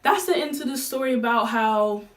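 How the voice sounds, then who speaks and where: A young adult woman telling a casual storytime, slangy and animated, jumping her pitch to act out what people said. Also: moderate pace, distant mic. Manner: animated, slangy, acts out quoted lines with big pitch jumps. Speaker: vlogger.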